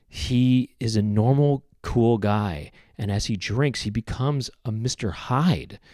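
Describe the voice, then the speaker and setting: A man hosting a podcast, telling a rambling comic story in a deadpan way, full of fillers and self-corrections. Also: medium pitch, slow, no echo, clean studio sound. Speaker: podcast host. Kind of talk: rambling comedic monologue.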